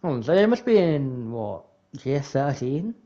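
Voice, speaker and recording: A man's voice: medium pitch, very animated, unhurried, mellow, muffled recording. A man chatting and asking questions as the co-player in a casual let's-play. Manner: chatty, laughs and asks questions.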